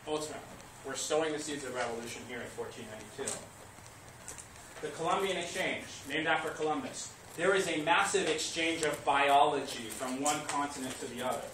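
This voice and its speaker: A man teaching history to a class, lively, asking questions and answering them himself. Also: on the high side, a little fast. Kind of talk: classroom lecture. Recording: echoey classroom recorded from far off, noisy.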